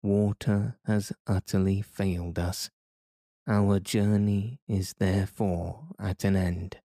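A man's voice: on the low side, little pitch movement, slow, dark tone, no room sound, clean studio sound. A man voicing a weary young explorer pleading to turn back.

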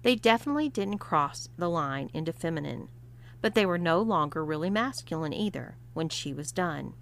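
A woman narrating a story, reading expressively and at a measured pace. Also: low-pitched, lively intonation, gravelly, a bit bright.

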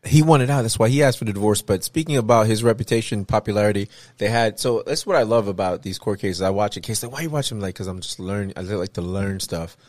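Animated man in casual chat; low, dry voice. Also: fast, hardly any pauses, no room sound. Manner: animated, acts out people he quotes.

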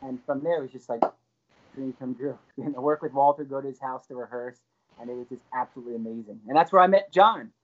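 A man's voice: mid-range voice, quick pace. A man, an actor and co-author, telling enthusiastic stories as an interview guest. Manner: lively, enthusiastic storyteller. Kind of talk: storytelling interview. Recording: dull lo-fi recording.

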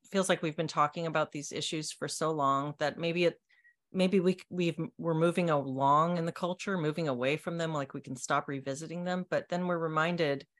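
A woman from Texas with a Texan accent, hosting a live stream in an earnest, halting way with many restarts. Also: low-pitched. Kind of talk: casual live-stream chat.

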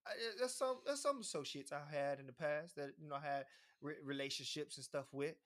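A man co-hosting a podcast, telling stories in casual chat and acting out quotes. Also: brisk. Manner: animated, acts out quotes in high voices. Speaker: podcast co-host.

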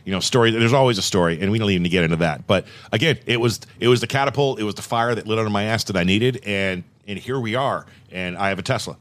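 A frank, excitable man hosting a podcast, with a fairly low voice. He pokes fun at himself as he talks. The recording is dry and close, with no room sound. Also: quick pace, hardly any pauses, no echo. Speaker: podcast host, radio station owner. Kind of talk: casual chat.

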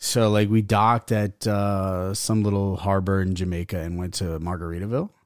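A young adult man, a guest rapper, tells a rambling, profane story in casual talk, laughing as he goes. His low voice keeps a level tone at normal speed, recorded in studio quality with no echo.

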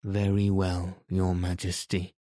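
A man reading the part of a calm, polite young prince in an audiobook. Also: low-pitched, slow pace, dry recording, clean studio sound. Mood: cool, polite. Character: cool, resolute young male prince.

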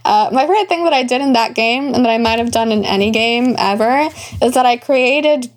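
A young adult woman co-hosting a casual gaming news podcast, chatty and quick to laugh. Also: on the high side. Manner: giggly, chatty. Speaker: podcast co-host.

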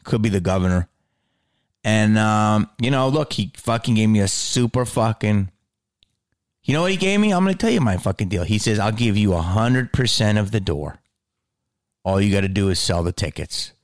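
A man's voice: expressive, moderate pace. Profane ranting man comedian. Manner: swaggering, profane, heated ranting with sudden pitch jumps.

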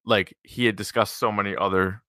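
A man hosting a podcast, chatting casually in an upbeat way with quick asides. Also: on the low side, steady tone, pushed and bright, dry recording, studio quality. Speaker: podcast host.

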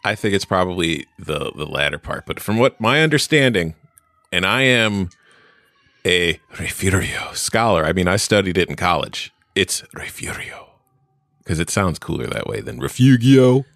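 Low-voiced man hosting a sports chat. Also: sing-song, moderate pace, creaky, a bit bright, dry recording, clean studio sound. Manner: rambling, joking asides. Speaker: podcast host.

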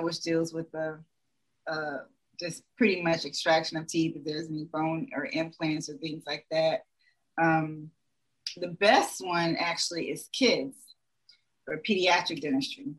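A woman's voice: on the low side, fairly bright tone, low-quality recording. A young adult woman, a dentist, talking frankly in a casual podcast chat, full of "like" and "you know".

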